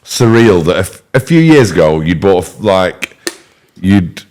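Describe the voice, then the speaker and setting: A man's voice: deep voice, sing-song, a little slow, a little mellow. A man hosting a podcast, asking casual questions and reacting briefly. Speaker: podcast host. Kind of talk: casual interview chat.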